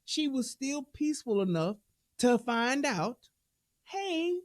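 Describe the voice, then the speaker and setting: A woman in giving a profane, comedic reaction, telling the story with animated asides and laughter. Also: fairly high pitch, measured pace, no room sound, studio quality. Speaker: reaction commentator.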